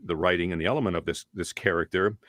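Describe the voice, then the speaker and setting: A man with a slightly low voice tells stories as a guest in an interview. He is animated and keeps slipping into playful character voices. The sound is dry and close. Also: fast, no room sound. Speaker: voice actor guest. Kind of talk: casual interview.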